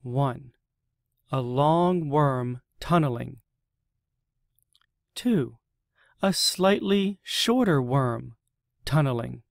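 A storyteller reading a children's picture book aloud, unhurried to an extreme, letting each phrase settle before the next. The voice sits at a middle pitch and the recording is close and dry. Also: animated, creaky, dry recording. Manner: very slow, deliberate reading with long pauses.

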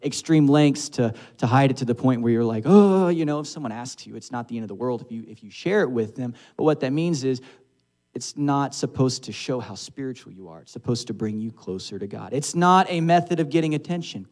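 A man's voice: medium pitch, brisk, darkish tone. A man preaching a sermon in a church sanctuary, speaking in a conversational way and asking his congregation questions. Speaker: pastor.

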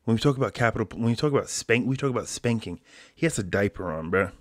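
Low-voiced man ranting on his podcast. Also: fast, dry recording, clean studio sound. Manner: animated ranting, slangy, says bro. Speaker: podcast host. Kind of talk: solo podcast rant. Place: home, quarantine.

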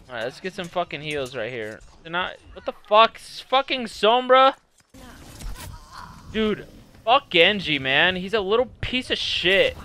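A young man raging and swearing through live gameplay commentary, yelling at opponents. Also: high voice. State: angry and agitated. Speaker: gaming streamer.

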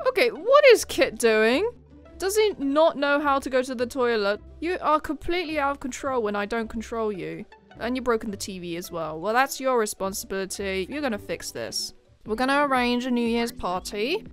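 A woman giving casual gameplay commentary, chatty and excitable, with sudden shrieks of surprise. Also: a little high. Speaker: game commentator.

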